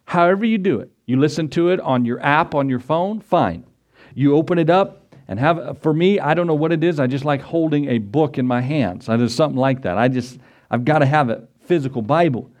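A man's voice: a little high, brisk, darkish tone. A man preaching a sermon in a folksy, storytelling way, acting out quotes and little scenes as he goes. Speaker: pastor.

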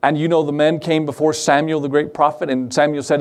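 A man's voice: on the high side, flat delivery, a little fast. A man pastor delivering a sermon, emphatic, posing questions and answering them himself. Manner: emphatic, asks and answers his own questions.

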